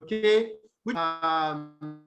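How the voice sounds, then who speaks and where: A man with a high voice teaches at an unhurried pace over a video call. He asks questions and then answers them himself. He says example words twice, slowly, to show the stress. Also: a bit bright, lo-fi sound, faint music behind. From Nigeria. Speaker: English tutor. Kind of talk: online tutorial lesson.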